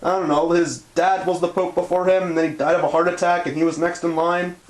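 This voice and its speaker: A man's voice: fairly high pitch, flat delivery, quick pace. A man reviewing a cartoon in sarcastic commentary, with an exasperated, mocking manner. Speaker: show reviewer. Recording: echoey room.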